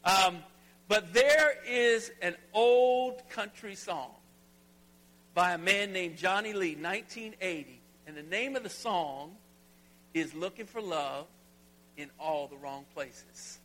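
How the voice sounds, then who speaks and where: A middle-aged pastor from Alabama preaching a sermon in a large church, folksy and conversational, rising to emphatic preaching. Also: male voice, high voice, slow, fairly bright tone. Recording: long hall reverb.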